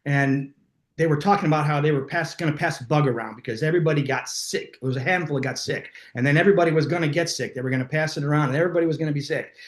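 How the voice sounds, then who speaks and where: A man hosting a live talk, telling stories in a lively, casual way and slipping into voices for the people in them. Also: on the high side, very fast, roomy sound. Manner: animated, acts out voices in his stories. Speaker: host. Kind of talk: casual storytelling to a live online audience.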